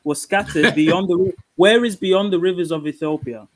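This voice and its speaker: Brief: man with a slightly high voice, dry close sound, lecturing and quoting texts in a panel debate. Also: moderate pace, no room sound, low-quality recording. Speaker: panel guest. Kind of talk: scriptural debate on a live panel.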